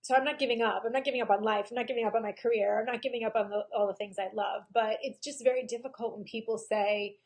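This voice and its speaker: A woman photographer speaking candidly and emotionally in a personal video diary, pausing often with "um". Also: on the high side, fairly even intonation. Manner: frank and emotional, with frequent pauses and "um"s. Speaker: photographer and vlogger.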